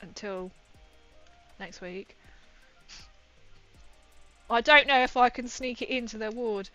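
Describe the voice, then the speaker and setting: A woman's voice: fairly high pitch, takes it slowly, bright, forceful tone, no echo, lo-fi sound, faint music behind. A young woman chatting casually on a livestream while building a model, rambling and often laughing.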